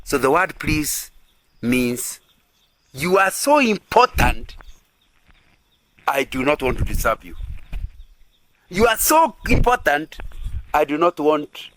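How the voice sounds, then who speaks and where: Earnest preacher man, lively and bright. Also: fairly high pitch, takes it slowly, long pauses, a little hiss or hum. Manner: earnest, repetitive, asks the audience for agreement. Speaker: pastor. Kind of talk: sermon at a couples' retreat.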